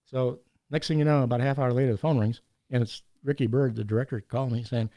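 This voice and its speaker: A man telling anecdotes in a casual podcast chat, animated and laughing often, acting out the people in his stories. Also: medium pitch, fast, no room sound. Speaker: podcast guest. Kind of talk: casual storytelling.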